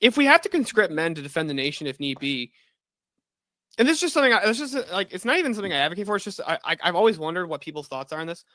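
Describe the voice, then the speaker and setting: High, lively, fast-talking man debating. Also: no room sound. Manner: blunt, swearing, rapid back-and-forth. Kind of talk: live online debate.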